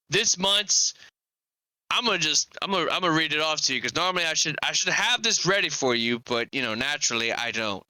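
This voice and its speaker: A man hosts a live podcast in a loose, rambling, chatty way. His voice is very bright and smooth, a little higher than most men's, and the sound is dry and close with no room echo. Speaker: podcast host. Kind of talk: casual live podcast chat about wrestling.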